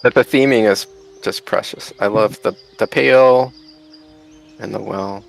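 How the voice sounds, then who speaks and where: A man's voice: on the low side, unhurried, vocal fry, faint music behind. A man hosting a casual chat while touring a game park, chatty and laughing often. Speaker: host.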